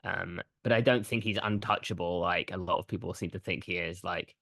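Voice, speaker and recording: Casting: male podcast co-host, very low voice, loose and rambling, dry close mic. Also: brisk, creaky, no room sound. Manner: relaxed, rambling, many "um"s and "like"s. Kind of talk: casual film discussion.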